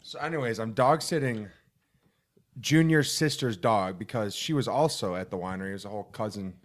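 Young male co-host, low-pitched, joking storyteller who chimes in. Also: a little fast. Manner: jokey, swears, chimes in. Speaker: podcast co-host. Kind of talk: casual storytelling among friends.

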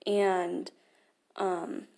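A woman's voice: fairly low pitch, little pitch movement, drawn-out words, gravelly, a little mellow. A young woman hosting her own podcast, reading scripture aloud and talking about it in an earnest, chatty way with fillers and small laughs. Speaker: podcast host. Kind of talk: casual devotional talk with scripture reading.

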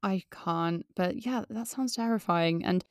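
A woman hosting a podcast in casual chat, frank and quick to swear. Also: mid-range voice. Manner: frank, reactive, swears freely. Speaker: podcast host.

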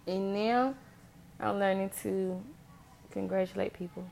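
A woman's voice: medium pitch, steady tone, unhurried, creaky, a little mellow, a little hiss or hum. A woman giving an earnest, impassioned motivational faith talk, repeating phrases for emphasis.

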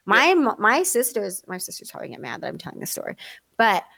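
A middle-aged woman chatting casually on a podcast, an animated storyteller who acts out the people in her stories and laughs often. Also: mid-range voice, fast, gravelly, dry recording. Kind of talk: casual chat.

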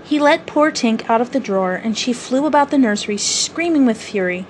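Female storyteller reading aloud, measured and gently expressive, a bit high-pitched. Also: slight background noise, rough recording.

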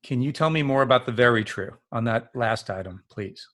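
A man hosts a relaxed interview, reading out questions in a friendly, light way. His pitch sits in an ordinary middle range, and he keeps things easygoing. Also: a little fast. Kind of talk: casual interview, quiz questions.

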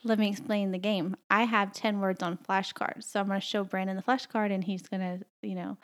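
A woman's voice: mid-range voice, level tone, fairly quick. A woman from the American South co-hosting a podcast in a rambling, chatty way, laughing often. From Southern United States. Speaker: podcast co-host. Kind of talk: casual podcast chat.

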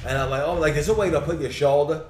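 A man's voice: a little high, fast, distant mic, noisy background. Rambling, cursing man in an echoey room. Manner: profane, rambling, acts out quoted voices. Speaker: podcast co-host. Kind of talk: casual storytelling chat.

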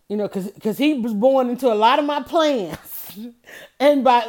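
A woman's voice: medium pitch, darkish tone. A middle-aged woman talking in a casual, rambling monologue, emphatic and full of restarts and self-corrections.

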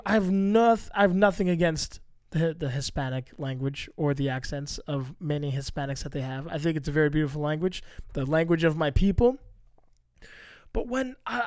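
A young American man hosting a casual podcast, ranting in animated mock outrage. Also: high-pitched, dry recording, clean studio sound. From United States. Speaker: podcast host.

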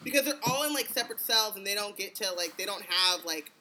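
Woman on a podcast, sharp bright voice, casual and slangy. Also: medium pitch, quick pace. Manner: animated, slangy, jokey asides. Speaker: podcast co-host. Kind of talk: casual chat.

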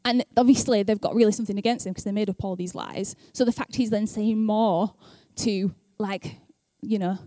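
A woman's voice: medium pitch, steady tone, normal speed, few pauses, dark tone, no room sound. A young woman speaking at church in a chatty, self-deprecating way, laughing often, then reading scripture aloud. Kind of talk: casual talk and scripture reading.

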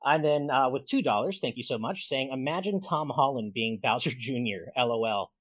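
A man's voice: mid-range voice, animated, moderate pace, a bit bright, no echo. A man hosting a casual gaming podcast, upbeat and thankful as he reads out supporter messages and names. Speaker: podcast host reading super chats.

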